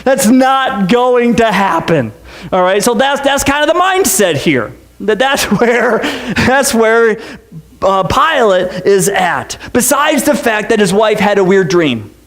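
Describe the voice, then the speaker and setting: A male pastor with an unusually high voice delivers a lively sermon. He jokes with his congregation and breaks into shouted impressions of the crowd and the characters. The sound is of a church service. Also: a little slow. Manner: animated, joking storyteller who acts out the crowd and Pilate. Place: church sanctuary.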